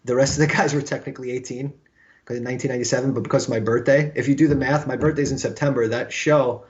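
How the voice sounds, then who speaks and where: A man's voice: mid-range voice, fast talker. A man, telling stories as a guest in a casual interview and acting out the voices of the people he quotes. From Brooklyn, New York. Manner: animated storyteller who acts out quoted dialogue. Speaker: guest musician. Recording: slightly dull lo-fi sound.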